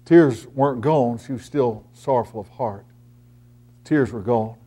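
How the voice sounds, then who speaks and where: A middle-aged man preaching a sermon as pastor, swinging between loud emphatic lines and hushed storytelling. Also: mid-range voice, unhurried, slightly rough.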